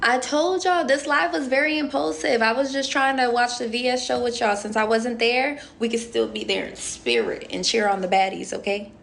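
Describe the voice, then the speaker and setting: There's a little hiss or hum as a young woman, a reality show contestant, livestreams on her phone and responds to viewers' comments. Her slightly high, fairly bright voice is creaky, at a moderate pace with few pauses, and her casual, playful rambling is full of "um" and "like."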